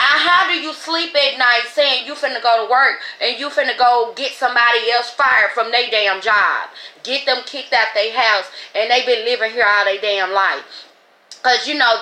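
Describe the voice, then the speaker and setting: Podcast host, woman; emotional, profane, emphatic; bright high tone in an echoey room. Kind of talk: casual commentary.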